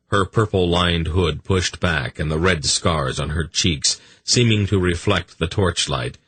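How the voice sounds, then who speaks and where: A male narrator reads an audiobook in a slow, measured, dramatic voice. His tone is very low and gravelly, with a raspy, husky grain and a lively rise and fall. The recording is dry and close. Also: no echo. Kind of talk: scripted narration.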